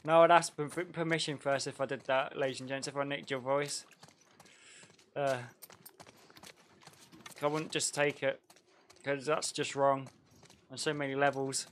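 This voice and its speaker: A man chatting casually while streaming a video game, excitable and laughing often. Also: medium pitch, a little slow, long pauses, slight background noise.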